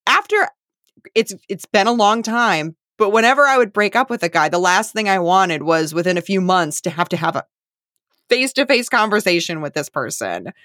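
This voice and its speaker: A woman co-hosting a podcast recap, chatting casually and reacting with expressive emphasis. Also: medium pitch, no room sound, clean studio sound. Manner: expressive, quick to react, puts on voices for quotes. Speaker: podcast co-host.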